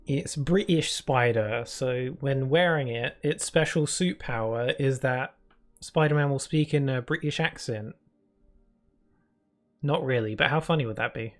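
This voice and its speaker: A man streams a video game with a medium-pitched, unhurried voice, chatting with his viewers in a casual, playful way. He answers chat with lots of filler words and restarts, and game music plays in the background.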